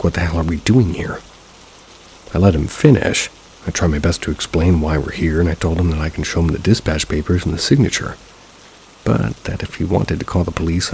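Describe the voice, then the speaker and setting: A man narrating a first-person paranormal story in a steady, low-key manner. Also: gravelly, a little hiss or hum, low-quality recording. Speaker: narrator of submitted paranormal stories.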